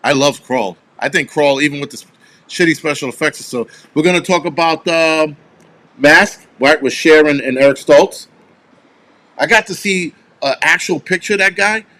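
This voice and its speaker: A man hosting a casual live stream, chatting about movies in a rambling, profane way and getting animated when he tells a story. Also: on the high side, moderate pace. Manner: rambling, with restarts. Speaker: host.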